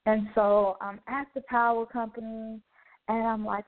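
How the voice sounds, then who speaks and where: A woman's voice: on the high side, flat delivery, measured pace, no echo. A woman radio host telling a personal testimony in a heartfelt, chatty way, full of "you know" asides. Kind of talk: personal testimony, casual talk. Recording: narrow phone-like sound, dry.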